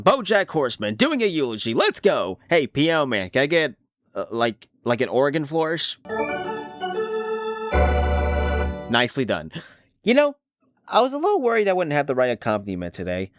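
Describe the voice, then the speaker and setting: A man plays a cynical middle-aged cartoon horse, a washed-up star who talks in a sardonic, rambling, self-deprecating way. His pitch jumps widely as he riffs. The recording is dry and close, with no room sound. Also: a bit bright, no room sound. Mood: awkward joking. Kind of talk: fan voice dub of animated series.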